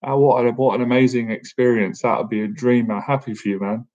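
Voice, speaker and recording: A boxing coach in his thirties hosts a casual livestream Q&A, joking and chatting and often tacking on "man." He talks fast in a medium-pitched, slightly mellow voice with a steady tone, and the stream audio is dull and lo-fi.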